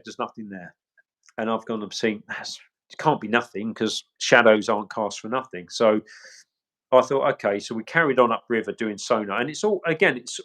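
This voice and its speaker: Being interviewed about his work as a search specialist, a middle-aged man speaks at medium pitch with a slightly bright voice. He tells the story emphatically, regularly quoting people and repeating himself for emphasis.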